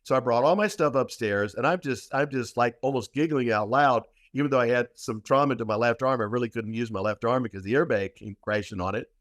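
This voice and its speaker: A man's voice: medium pitch, brisk, hardly any pauses, a bit bright, no echo, studio quality. A man, a guest practitioner, telling a long story in a podcast interview, emphatic and repetitive with many restarts.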